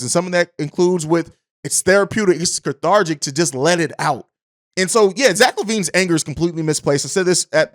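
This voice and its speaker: A man hosting a podcast, giving emphatic commentary and often repeating words as he restarts. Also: on the high side. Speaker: podcast host.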